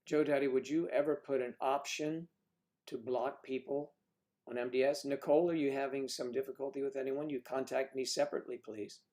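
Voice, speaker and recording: A livestream host from the northern US answers viewer comments, reading them aloud and joking as he chats casually. His mid-range voice is mellow, a little fast, with fairly even intonation.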